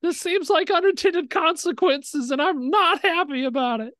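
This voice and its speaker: A man voicing a tiny shrunken male minotaur, squeaky and indignant. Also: moderate pace, a bit bright, no room sound, studio quality. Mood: sulky. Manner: squeaky, indignant, sputtering complaints.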